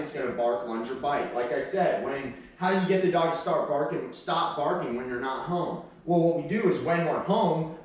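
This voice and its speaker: A man's voice: a little high, distant mic. A man working as a dog trainer, talking casually while he demonstrates and barks short commands at a dog. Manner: plain-spoken, gives sharp short commands to a dog. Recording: very echoey room, voice from off-mic.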